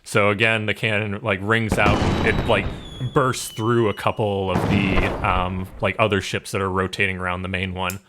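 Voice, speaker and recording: Young guy game master, lowish bright voice, laid-back rambling narration. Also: normal speed, slight background noise. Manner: relaxed, filler-heavy description.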